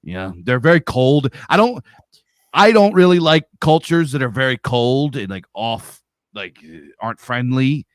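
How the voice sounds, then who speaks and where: A man's voice: medium pitch, animated, unhurried, no room sound. Blunt American man, dry close sound. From United States. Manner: blunt, opinionated, swears freely. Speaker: livestream co-host. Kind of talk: casual livestream chat.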